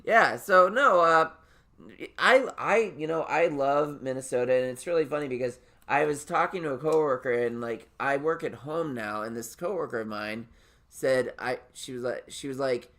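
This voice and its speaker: A man from Nebraska hosts a loose, casual podcast conversation at an ordinary mid pitch. He rambles through stories, piling on fillers and swear words and laughing often. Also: normal speed, bright, forceful tone. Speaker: podcast host.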